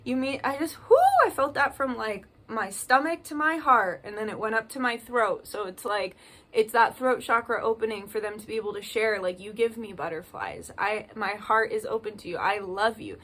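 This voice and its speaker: A woman's voice: a little high, normal speed, fairly bright tone. A woman giving a casual tarot card reading, chatty and reading card messages aloud with emphasis.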